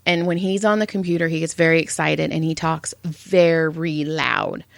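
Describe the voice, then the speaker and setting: A woman's voice: low voice, normal speed, vocal fry, no echo, clean studio sound. A middle-aged woman co-hosting a podcast, telling stories in casual chat and acting out what people said. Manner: animated storytelling, acts out quotes. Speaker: podcast co-host.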